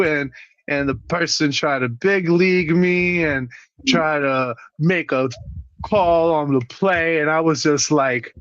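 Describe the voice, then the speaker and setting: Brief: man from Puerto Rico, wrestler guest, animated and profane storyteller, somewhat high voice, dull dry lo-fi audio. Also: no echo. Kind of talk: casual interview chat.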